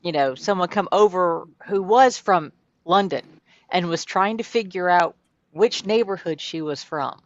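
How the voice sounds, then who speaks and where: Casting: unhurried woman, amused storyteller, dry, dull lo-fi recording. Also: lowish voice, no echo. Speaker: mother, festival performer. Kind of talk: casual chat.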